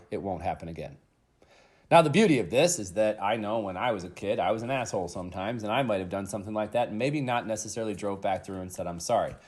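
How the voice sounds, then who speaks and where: With a lowish, darkish voice, a man in his thirties hosts a motivational podcast. His storytelling is emphatic, sprinkled with casual filler words and an odd curse.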